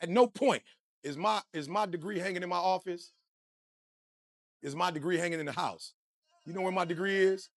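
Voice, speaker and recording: Male motivational speaker, high and punchy, preaching to the crowd, dry sound. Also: normal speed, pauses often, no room sound. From Detroit, USA. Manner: energetic, preachy, slang-heavy, addresses the crowd directly. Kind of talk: motivational speech.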